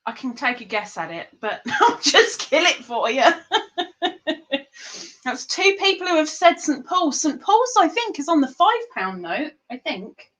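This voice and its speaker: Slow-talking playful woman quiz host. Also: sits high, sing-song, fairly bright tone, poor audio. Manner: chatty, playful, reads questions out slowly. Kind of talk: casual live-streamed trivia hosting.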